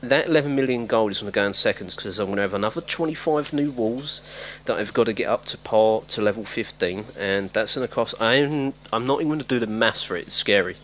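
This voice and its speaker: A man's voice: on the low side, quick pace, fairly bright tone. Male streamer, talkative, greets chat, home mic with faint noise. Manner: chatty, talks to viewers by name, self-teasing. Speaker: game streamer. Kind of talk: casual live-stream commentary.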